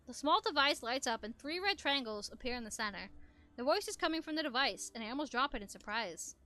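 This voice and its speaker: A woman reading a visual novel aloud in expressive first-person narration on a headset mic. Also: sits high, a little fast. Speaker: gameplay narrator.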